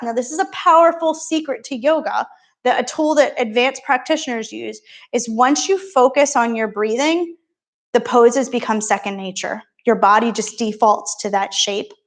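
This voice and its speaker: A woman's voice: on the high side, normal speed. A woman yoga instructor talking a beginner class through poses and breathing, with encouraging, playful step-by-step cues.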